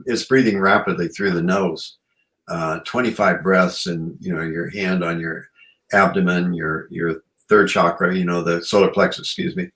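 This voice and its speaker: A man's voice: sits low, steady tone, measured pace, fairly bright tone, low-quality recording. A man hosting a radio show, chatting in a rambling, reflective way with many "you know"s. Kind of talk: casual chat.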